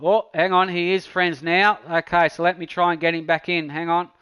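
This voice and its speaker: A man's voice: sits high, flat delivery, moderate pace, pushed and bright, clear, resonant tone, no echo, rough recording. A man hosting an online racing league, chatting casually and matily with drivers after a race, with lots of fillers. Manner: chatty, matey, many fillers. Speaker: esports league host. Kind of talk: casual post-race commentary and chat.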